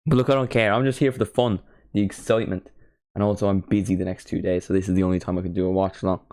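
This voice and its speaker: A man's voice: deep voice, little pitch movement, fast, darkish tone, no echo, clean studio sound. A teenage man from Ireland with an Irish accent, chatting casually and self-mockingly while hosting a football watchalong stream. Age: teens. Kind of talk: casual live-stream chat.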